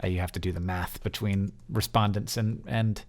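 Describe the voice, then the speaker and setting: A man's voice: low voice, fairly even intonation, moderate pace. A man in his thirties talking casually as host through survey results, rambling with many fillers and restarts.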